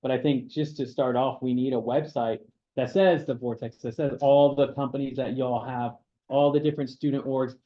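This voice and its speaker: Man, relaxed and upbeat panel host, dull lo-fi sound. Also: medium pitch, normal speed. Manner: casual, enthusiastic, joking. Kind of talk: panel discussion.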